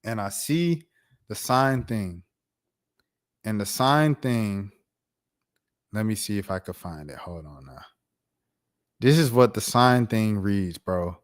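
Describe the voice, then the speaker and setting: A man in his thirties hosting his own stream, telling a casual storytime in an animated, slangy way with laughing asides. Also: fairly low pitch, takes it slowly, pauses often. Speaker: streamer host.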